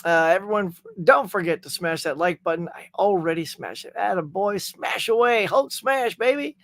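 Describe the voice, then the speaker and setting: A man's voice: high voice, normal speed, creaky, a bit bright. Goofy upbeat man hosting a live stream. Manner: goofy, upbeat, reads viewer chat aloud. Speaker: host of a pop culture livestream. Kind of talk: casual live-stream chat. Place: home setup in Southern California. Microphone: desktop USB microphone.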